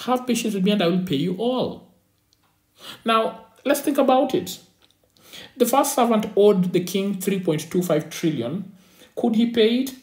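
A man's voice: on the high side, darkish tone. A man preaching a sermon. He talks emphatically and repeats his key phrases, and his voice climbs when he presses a point. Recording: echoey hall sound.

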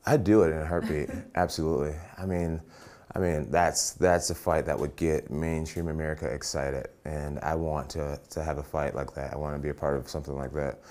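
A fighter talking in a casual interview, enthusiastic and relaxed, often restarting his sentences. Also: a bass voice, fairly quick. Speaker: professional fighter.

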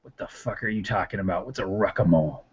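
A man's voice: sits low, fast, breathy edge, pitched below the performer's own voice. A man voicing a paranoid, cursing male scavenger leader who snaps at strangers. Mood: suspicious. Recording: dull lo-fi audio.

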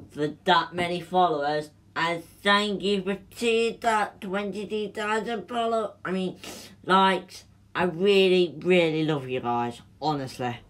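A man's voice: mid-range voice, fairly bright tone, a little hiss or hum. A man gushing repeated thanks to his followers in a vlog, emotional and near tears. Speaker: social media creator.

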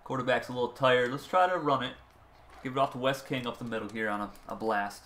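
A man giving casual commentary over his own football video game, excitable and quick to shout at bad plays. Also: medium pitch, a little hiss or hum. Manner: excitable, swings from calm play-calling to loud outbursts. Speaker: gaming channel host. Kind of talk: gameplay commentary.

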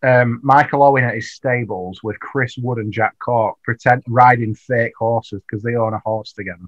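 A man's voice: mid-range voice, fairly even intonation, moderate pace, lo-fi sound. A man chatting on a podcast, making dry, understated remarks. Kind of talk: casual chat.

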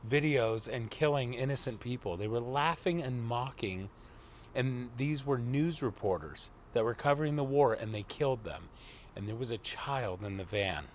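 A man's voice: mid-range voice, a little hiss or hum. Exasperated profane young man ranting. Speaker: commentary vlogger. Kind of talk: ranting political commentary.

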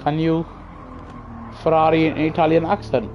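A man's voice: on the high side, flat delivery, normal speed, muffled recording. A man streaming a racing game, casually chatting with viewers and reacting as he drives. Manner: chatty, answers chat, slangy. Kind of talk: casual live-stream chat over gameplay. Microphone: gaming headset. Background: car engine noise and music.

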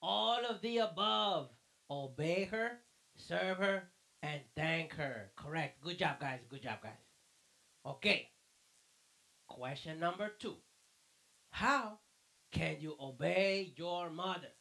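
High gravelly man teaching kids. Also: takes it slowly, long pauses, sharp tone. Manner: fatherly, calls the listener mijo. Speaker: children's church teacher. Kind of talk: children's lesson and quiz. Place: church.

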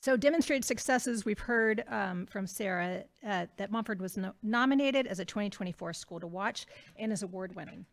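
A woman giving prepared public comment as a parent at a school board meeting, running through numbered points quickly. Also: medium pitch. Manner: rapid, itemized delivery.

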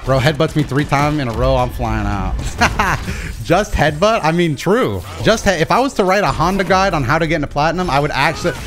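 A man streaming a fighting game, commenting live and swinging between low mumbles and excited shouts. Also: a little fast. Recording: game music underneath.

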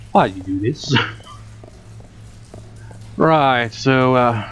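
A man's voice: mid-range voice, a little slow, long pauses, fairly bright tone. Sweary man commentating a game. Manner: exasperated, sweary, sarcastic. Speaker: let's play gamer. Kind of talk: gameplay commentary. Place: home room with a cat. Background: game music.

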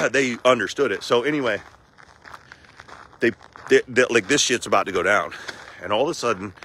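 A man, talking candidly and with feeling in a casual video diary recorded outdoors in the cold, with rough language. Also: mid-range voice, animated, normal speed, bright, forceful tone, a little hiss or hum. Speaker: vlogger.

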